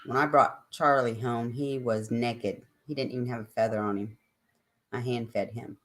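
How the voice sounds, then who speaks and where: A woman's voice: a bass voice, fairly even intonation, moderate pace. An older woman hosting a live stream, chatting casually and ramblingly with her viewers and answering their comments.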